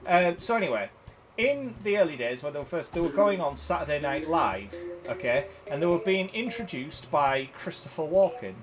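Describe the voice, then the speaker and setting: Giggly streamer, very lively pitch, game music behind. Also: male voice, moderate pace, low-quality recording. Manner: giggly rambling storyteller. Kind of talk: casual banter.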